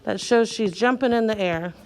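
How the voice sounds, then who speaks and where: A woman teacher leading a young child through a reading lesson, slow and clear, sounding out letters and encouraging. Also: fairly high pitch.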